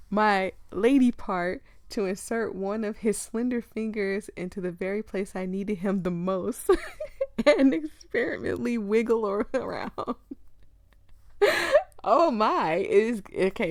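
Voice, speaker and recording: A woman's voice: on the low side, dry recording, clean studio sound. A young woman reading a visual novel aloud with her own commentary, often breaking into giggles. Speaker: gaming video creator.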